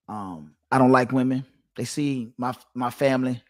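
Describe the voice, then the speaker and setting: An adult man, a father of two, hosts his own channel and delivers dating commentary directly to camera in a lecturing, emphatic monologue that keeps circling back to repeat its points. His voice is medium-pitched with fairly even intonation and a slightly slow pace.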